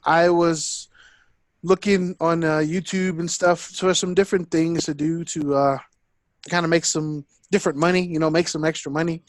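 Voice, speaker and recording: A man playing a hesitant male sales prospect in a sales call role-play, talking in a halting, low-key way full of fillers. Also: dry recording, close to an everyday voice.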